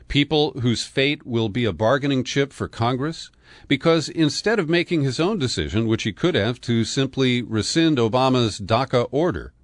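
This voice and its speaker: A man's voice: mid-range voice, no room sound, clean studio sound. A man hosting political news commentary, reading and reacting with scornful, sardonic asides.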